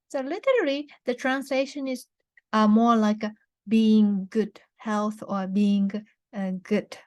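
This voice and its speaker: A young woman with a Japanese accent teaching a beginner language lesson, saying words slowly and clearly for repetition, with frequent restarts. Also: mid-range voice, darkish tone, no echo. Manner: slow, careful model pronunciations with many restarts.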